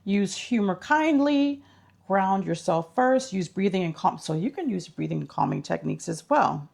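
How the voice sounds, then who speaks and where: A woman's voice: mid-range voice, expressive, normal speed, vocal fry, a little mellow. A woman vlogger giving casual tips in an upbeat, chatty, instructive way.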